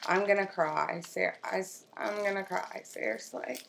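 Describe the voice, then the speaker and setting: A woman vlogging at home as she unboxes a makeup swap, gushing and excitable as she talks to her viewers and her friend. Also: mid-range voice, moderate pace, gravelly, noisy background. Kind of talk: casual unboxing chat. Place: at home, with her children nearby.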